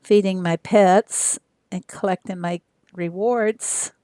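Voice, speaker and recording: An older woman from Arkansas, chatting casually with viewers on her game livestream in an unhurried way with lots of fillers. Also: mid-range voice, fairly even intonation, mellow, no echo, studio quality. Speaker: game streamer.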